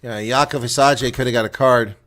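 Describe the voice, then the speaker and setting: A man giving live play-by-play rugby commentary as a solo reaction streamer, talking casually and getting louder and more worked up when attacks build near the try line. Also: medium pitch, a little fast. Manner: excitable, rising to near shouting on attacking plays.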